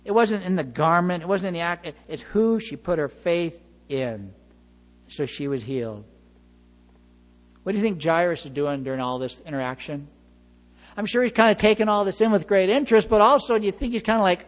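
A male pastor preaching a sermon, retelling scenes with lively acted-out dialogue and chuckles. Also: high voice, normal speed, big-room sound. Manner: animated storytelling, acts out dialogue, chuckles.

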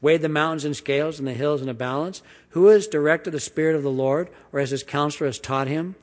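A man preaching a sermon, reading scripture aloud with sweeping emphasis and then dropping into quiet, conversational explanation. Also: fairly quick. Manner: emphatic reading with big swings of pitch and volume, dropping to quiet asides. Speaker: pastor. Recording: long hall reverb.

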